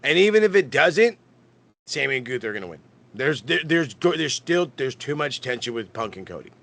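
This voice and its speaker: Man, wrestling podcast co-host, bright voice, swears a lot, stammers and restarts. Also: mid-range voice, very animated, fairly quick, gravelly. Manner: rambling, profane, stammering restarts. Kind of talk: casual wrestling chat.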